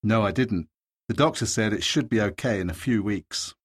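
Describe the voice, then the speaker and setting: Actor doing young man patient, husky, mid pitch, plain delivery. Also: moderate pace, natural voice. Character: young adult male patient, hurt ankle.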